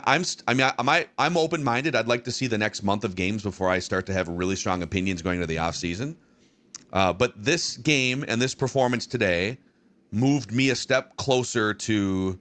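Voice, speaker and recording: A male sports podcast host works through his analysis out loud, measured and full of little restarts. His voice sits on the low side.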